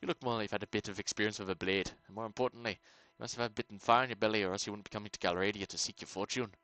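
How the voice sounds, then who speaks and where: A man voicing a worried townsman from a game who persuades a stranger to rescue his brother, in a put-on accent and a measured, coaxing manner. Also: lowish voice, fairly even intonation, a bit bright, dry recording, natural voice, low-quality recording. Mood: persuasive. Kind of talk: reading game dialogue aloud.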